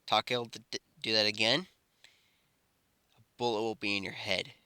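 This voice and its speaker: Guy doing a furious teen boy, quiet low threats, crisp dry voice. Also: flat delivery, moderate pace, dry recording. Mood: menacing. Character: angry, protective teenage boy survivor.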